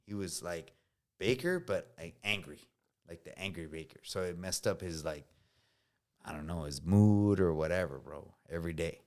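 A man's voice: low-pitched, normal speed, a little mellow. A man in his thirties, a veteran guest on a podcast, telling stories in a casual, slangy way, often swearing and saying bro. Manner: slangy, says bro a lot, swears freely.

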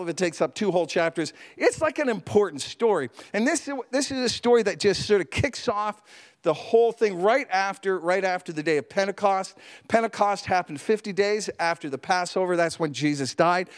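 A male pastor delivering a sermon in a notably high voice. He preaches in an animated, storytelling way, with chatty asides and laughs.

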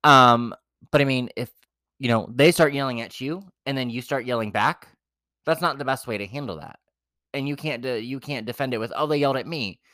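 A young man co-hosting a podcast, telling his dating stories in a blunt, profane, animated way. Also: medium pitch, fairly quick, no echo, clean studio sound. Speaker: podcast co-host. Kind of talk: casual chat.

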